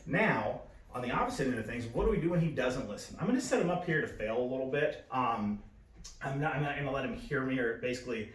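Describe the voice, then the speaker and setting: A man teaching dog training in a casual, filler-heavy way, now and then switching to a high, bright praise voice. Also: lively intonation, fast talker. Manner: casual, many fillers, raises pitch for praise voice. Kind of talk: instructional demonstration. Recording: echoey, from a distance.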